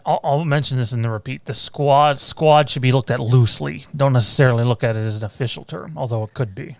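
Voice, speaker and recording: A man hosting a trivia round on a podcast, reading clues slowly and deliberately. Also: mid-range voice, creaky, darkish tone, no echo. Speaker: quiz host.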